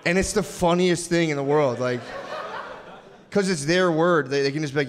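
A man's voice: fairly high pitch, normal speed, in a large hall. A man doing improvised stand-up, brashly teasing the crowd and swearing freely. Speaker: stand-up comedian. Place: comedy club stage.

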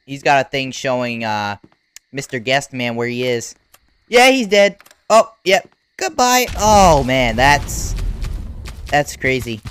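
A gaming YouTuber giving unedited play-by-play commentary, talking in casual slang and reacting loudly to what happens on screen. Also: medium pitch, slow, smooth. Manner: excitable, reacts loudly to game events; casual slang-filled chatter. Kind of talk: unedited live gameplay commentary.

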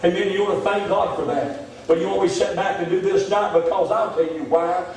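A man's voice: high-pitched, fairly even intonation, a little fast, darkish tone. A man preaching a revival sermon as pastor, repeating "my friend" often, recorded from a distance in a church. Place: church sanctuary. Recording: very echoey church hall, mic far off. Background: congregation amens.

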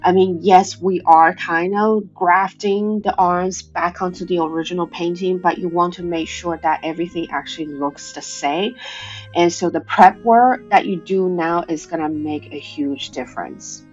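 Nasal woman with a cold, art tutorial host, chatty and joking, lowish voice, slightly dull audio over music. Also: moderate pace. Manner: chatty, self-deprecating, joking. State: has a cold.

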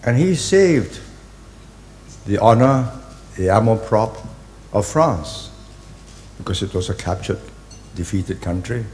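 A man, giving a public speech in deliberate, halting phrases and hitting key words hard. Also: lowish voice, a little mellow, a little hiss or hum. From Singapore. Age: 80s. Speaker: invited speaker.

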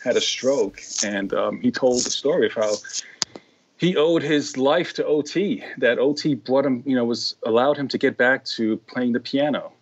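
A middle-aged New York man, an occupational therapist appearing as a podcast guest, talks loosely in casual interview chat, full of "you know," fillers and restarts. His mid-range voice moves at a moderate pace over a little hiss or hum, and the lo-fi sound is slightly dull.

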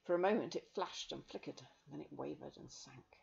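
A woman reads a children's novel aloud in a gentle, measured way. Her voice sits low with a gravelly texture. The recording sounds dull and lo-fi. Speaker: reader.

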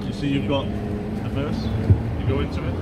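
A man's voice: medium pitch, monotone, very noisy. A man reading Bible verses aloud for a street preacher and explaining a word reference. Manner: explaining patiently, reads verses slowly. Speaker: preacher's reader. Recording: street recording with crowd around.

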